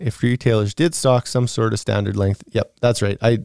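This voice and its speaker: Low-voiced man rambling in a podcast Q&A. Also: fairly even intonation, moderate pace, gravelly, a little mellow, clear, resonant tone, no room sound, studio quality. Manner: rambling, thinks aloud with fillers and laughs. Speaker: podcast co-host answering listener questions. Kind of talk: casual podcast Q&A chat.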